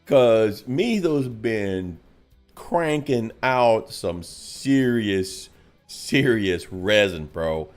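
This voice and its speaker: A man's voice: fairly low pitch, lively intonation, drawn-out words, soft background music. A man co-hosting a casual hobby podcast, joking and rambling, often trailing off into a mutter. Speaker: co-host.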